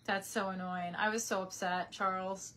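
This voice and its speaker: A woman's voice: medium pitch, level tone, moderate pace, sharp tone. A young woman chatting casually on a live stream from her parents' house, reading out viewer comments on a webcam mic.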